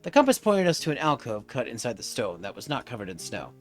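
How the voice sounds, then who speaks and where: A man's voice: medium pitch, quick pace, soft background music. A man streaming a story game, narrating its events expressively in the first person. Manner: expressive, theatrical, animated.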